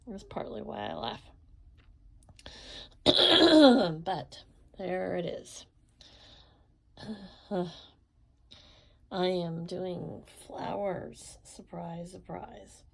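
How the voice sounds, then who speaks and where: A tired woman with a frog in her throat, rambling softly about her painting late at night at home. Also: fairly low pitch, vocal fry. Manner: soft, slow, rambling late-night talk. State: sleepy and tired. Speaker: painter and parent. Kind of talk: casual painting vlog.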